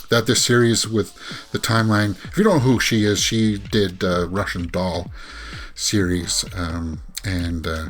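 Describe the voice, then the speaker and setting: A man giving casual commentary as a movie news vlogger, rambling with frequent fillers and restarts and sighing, exasperated asides. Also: fairly low pitch.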